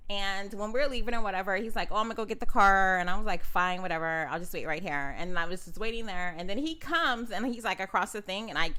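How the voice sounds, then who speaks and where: Animated, profane woman podcast co-host. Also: mid-range voice. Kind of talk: casual chat.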